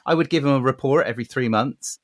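A man co-hosting a podcast in casual chat. His pitch sits mid-range for a man, and he slips into a playfully pompous, teasing tone. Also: fast talker. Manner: playful, mock-pompous banter. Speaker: podcast co-host.

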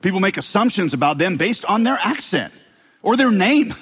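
A man's voice: sits high, very animated, moderate pace, fairly bright tone, breathy edge. A man pastor with a slight Southern American accent, preaching a sermon with joking asides to the congregation in a large church. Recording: long hall reverb.

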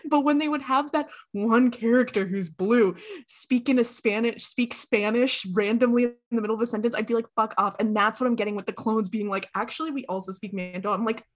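Animated swearing woman in casual chat. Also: a little high, a little fast. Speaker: podcast co-host.

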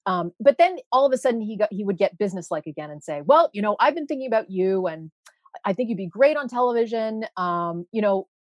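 A woman's voice: medium pitch, fast talker, dry recording, muffled recording. A woman guest, originally from Canada, telling a story in a casual interview and acting out the people she quotes. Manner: animated, acts out quoted voices, many fillers.

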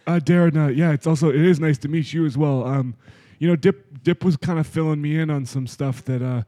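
A man's voice: on the high side, brisk, mellow. A man voicing a flustered burger chain manager in an actual-play role-play, stammering and repeating his words.

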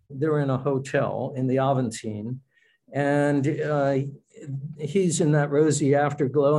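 A male author and poet in conversation, his voice a little higher than most men's. He talks in a loose, chatty way and often makes fun of himself while he explains his craft. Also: darkish tone. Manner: chatty and self-deprecating, explains with examples. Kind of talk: radio interview conversation.

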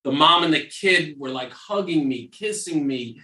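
A man from New York hosts a casual podcast as a surgeon and tells stories with lively repetition. His voice is bright and forward. He sounds a little off the mic, in a roomy, echoey space. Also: a little high, moderate pace, far from the mic. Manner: animated storyteller who repeats phrases for emphasis. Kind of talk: casual podcast chat and storytelling.

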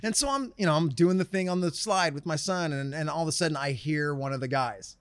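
A man's voice: fairly high pitch, brisk, clear, resonant tone, no room sound. A man, co-hosting a podcast, telling stories animatedly and acting out what people said. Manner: animated storyteller, acts out quotes, swears freely. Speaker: co-host. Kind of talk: casual podcast chat.

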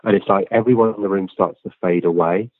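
A physical medium being interviewed recounts stories casually, speaking quickly in a low-pitched voice with fairly even intonation. His plain, earnest talk is full of ums and restarts, and the phone-line audio is tinny and dry with no room sound.

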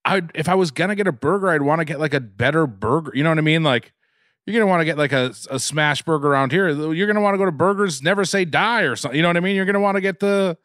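A man's voice: fairly high pitch, fast talker, a bit bright, no room sound, clean studio sound. A man appearing as a guest on a podcast, chatting casually and rambling, often repeating words and laughing.

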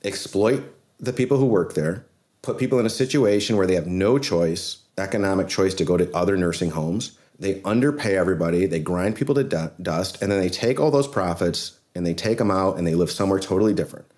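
A man, a trial lawyer guest on a podcast, telling a case story in an earnest, animated way. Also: low-pitched, fairly quick.

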